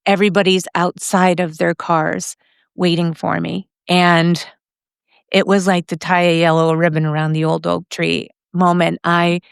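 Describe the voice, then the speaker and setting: A middle-aged woman hosting a podcast, telling a personal story in a lively way, laughing often. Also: on the low side, a little slow, vocal fry, clear, resonant tone, no echo, clean studio sound. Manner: lively, acts out other people's lines, laughs often.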